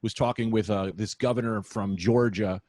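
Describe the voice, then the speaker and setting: A man's voice: lowish voice, steady tone, moderate pace, darkish tone, no echo, studio quality. A man hosting a podcast, telling rambling stories in casual chat and acting out quotes. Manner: rambling storyteller, acts out quotes in voices. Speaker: podcast host.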